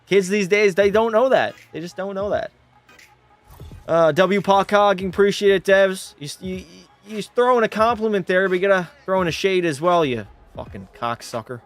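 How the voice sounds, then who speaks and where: Faint music plays behind a young man's high-pitched voice as he commentates his hockey video game on stream at a normal pace. A few drinks in and a little tipsy, he curses freely, reads chat aloud and replies, and gives rowdy mock play-by-play.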